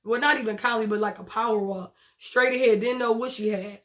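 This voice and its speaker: A woman recaps a TV episode in a loose, blunt way, swearing freely and acting out the lines. Her voice sits a little high. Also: a little fast. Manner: blunt, profane, animated retelling with acted quotes. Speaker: TV show reviewer. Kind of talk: casual recap and commentary.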